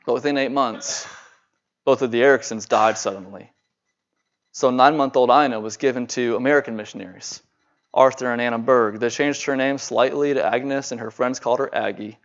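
An earnest male preacher retells a story in a sermon, his delivery unhurried and at times halting on repeated words. His voice sits at an ordinary pitch. The recording sounds dull and muffled. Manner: earnest, with halting repetitions when speaking freely.

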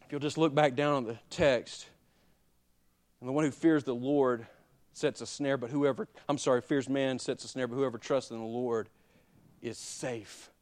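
A man, preaching a sermon that moves between quiet personal confession and loud, emphatic exhortation. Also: mid-range voice, fairly even intonation, normal speed. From Alabama. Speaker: pastor.

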